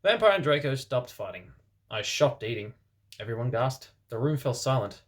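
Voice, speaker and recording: A man reading fan fiction aloud for comedy as host, breaking off for deadpan, sarcastic asides. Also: medium pitch, moderate pace. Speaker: reader and host.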